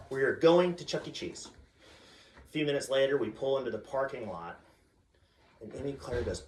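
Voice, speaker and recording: On a comedy club stage before an audience, a stand-up comedian tells family stories with deadpan punchlines, at one point acting out a chanting child. His medium-pitched voice moves at normal speed, picked up a bit off-mic with roomy stage sound.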